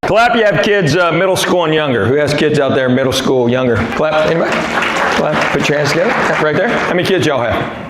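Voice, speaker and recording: A stand-up comic from Tennessee works the crowd at a live show, needling audience members in a dry, mock-insulting style. He talks fairly quickly and expressively in a slightly high voice, with loud stage noise behind him.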